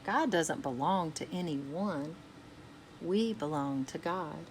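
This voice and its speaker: A woman reads a children's picture book aloud in a slow, unhurried way, with a fairly low voice. She is gentle and stops to put soft questions to young listeners. A faint hiss of noise sits under the recording. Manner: gentle, asks listeners questions between passages. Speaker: children's storytime reader.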